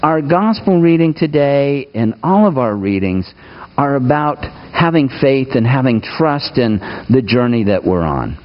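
A man of middle pitch preaches a folksy, conversational sermon in a church, drawing the congregation in with questions. The recording sounds dull and lo-fi. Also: very animated, a little slow.

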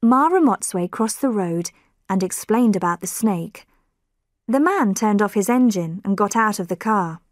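A woman reading a graded story for English learners aloud, slow and clear, lightly lifting her voice for quoted lines. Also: medium pitch, expressive, dry recording, clean studio sound. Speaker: audiobook narrator.

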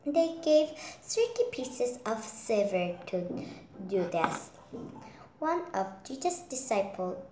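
A young female reader telling a Bible story aloud, pausing to explain in her own words with fillers and self-corrections. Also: fairly high pitch, very animated, background noise. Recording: echoey room with faint music.

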